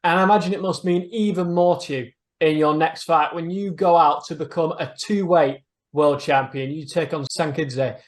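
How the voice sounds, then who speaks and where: A man interviewing a fighter, speaking fluently and smoothly in well-formed lead-in questions. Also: on the high side, steady tone, normal speed.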